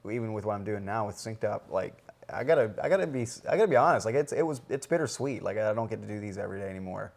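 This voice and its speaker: A man hosting a casual podcast, with a fairly low voice and a gravelly, fry-heavy edge. He talks with eager enthusiasm, often reaching for the right word. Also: lively intonation, racing, darkish tone. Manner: enthusiastic, searching for words, lots of "like" and "yeah". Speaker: podcast host.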